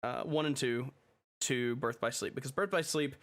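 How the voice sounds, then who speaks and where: A man's voice: medium pitch, moderate pace, a bit bright. A man hosting a casual podcast chat, rambling with lots of fillers and restarts. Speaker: podcast host.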